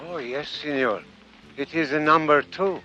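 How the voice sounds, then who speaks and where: An actor playing a fawning, excitable elderly villager in a film clip. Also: male voice, a little high, a little slow, noisy background, lightly acted. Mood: obsequious. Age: older. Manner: excitable, obsequious. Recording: dull film audio with loud music.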